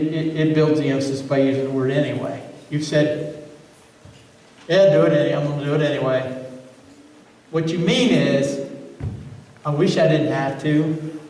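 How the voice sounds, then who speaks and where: In a church sanctuary, a pastor with a mellow, slightly high voice preaches a sermon, earnestly repeating words as he builds his point. The sound is roomy and captured from far off.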